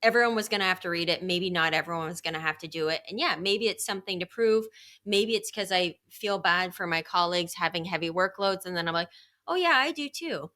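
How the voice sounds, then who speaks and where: A woman's voice: fairly low pitch, fairly even intonation, fast talker, sharp tone. A woman co-hosting a podcast, talking candidly and rambling a little with frequent laughs. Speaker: podcast co-host. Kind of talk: casual chat.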